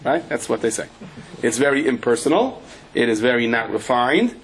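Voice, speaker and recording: A rabbi teaching a Torah class, telling stories with animation and acting out the people in them. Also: male voice, mid-range voice, normal speed, slight background noise. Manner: animated storytelling, acts out the people in his anecdotes.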